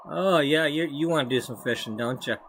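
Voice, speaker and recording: A man's voice: medium pitch, a bit bright, a little hiss or hum. A man giving casual, rambling commentary as he plays a life-sim game. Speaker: let's play host.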